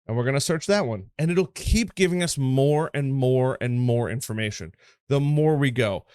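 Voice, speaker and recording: A man coaching on marketing, talking a screen-share tutorial through in a casual, energetic, emphatic way. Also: mid-range voice, moderate pace, clear, resonant tone, no echo, studio quality.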